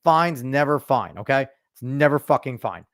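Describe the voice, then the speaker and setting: A man's voice: medium pitch, animated, normal speed, a bit bright. A man hosting a podcast, ranting bluntly and with plenty of swearing, lecturing his listeners emphatically in casual commentary. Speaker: podcast host.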